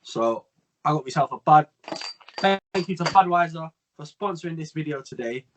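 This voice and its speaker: Brief: young man, fairly high voice, calm analysis with a frustrated edge. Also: slight background noise, low-quality recording. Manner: measured, analytical, exasperated. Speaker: co-host. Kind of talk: casual football chat.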